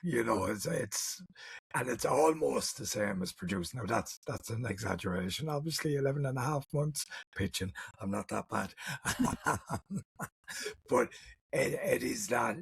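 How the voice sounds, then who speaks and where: A man's voice: mid-range voice, animated, unhurried, creaky, breathy edge, no room sound. An Irish man hosting an interview, a film director who talks casually with stammering restarts and self-deprecating jokes. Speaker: podcast host and film director.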